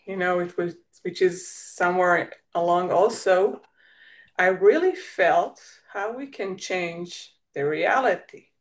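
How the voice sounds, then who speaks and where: A woman with an Israeli accent, a native Hebrew speaker, talks in a reflective conversation, often pausing and restarting as she looks for words. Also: mid-range voice. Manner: searching for words, restarts, light laughs. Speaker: guest.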